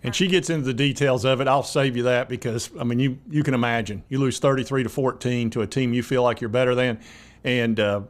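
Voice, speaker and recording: Hosting a sports talk channel, this man speaks a little fast at a medium pitch with fairly even intonation. His delivery is loose and conversational, wandering off track and packed with filler words.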